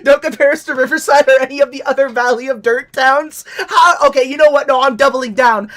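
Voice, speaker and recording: Young woman, streamer, high voice, crisp bright tone, profane rant, casual chat. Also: a little fast, hardly any pauses. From from Nevada. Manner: profane, ranting, mocking.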